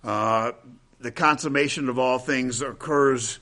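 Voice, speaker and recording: A man preaching an expository sermon, quoting scripture at length in a measured cadence and slowing to stress key phrases. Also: medium pitch, pushed and bright. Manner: deliberate, emphatic, with slowed stresses on key phrases.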